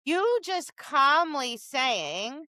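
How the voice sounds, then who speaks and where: A woman's voice: high-pitched, drawn-out words, no room sound. A woman co-hosting a dog training podcast, telling stories in casual chat and acting out quotes. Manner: animated storytelling with acted-out quotes, many restarts.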